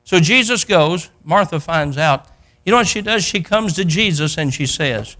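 An older man preaching a sermon, telling a Bible story in a folksy way and acting out the characters, rising to loud peaks. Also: on the high side, animated, moderate pace.

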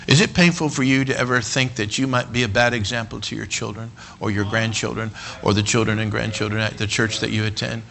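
Male preacher, bright, forceful delivery, soft asides break into shouts, repeats himself. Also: fairly low pitch, fairly even intonation, fast, creaky, rough recording. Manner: swings from quiet talk to shouted emphasis; stumbles and repeats words. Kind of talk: sermon.

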